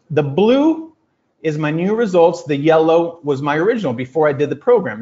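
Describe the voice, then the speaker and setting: A man giving an energetic, emphatic motivational talk to a group, telling stories and acting out quotes. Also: on the high side. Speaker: business coach. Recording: lo-fi muffled audio.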